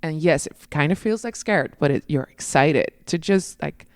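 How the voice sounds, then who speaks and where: A woman's voice: sits low, animated, moderate pace, no echo, studio quality. A woman guest on a podcast, talking casually and animatedly about dance, laughing at herself and acting out little quotes.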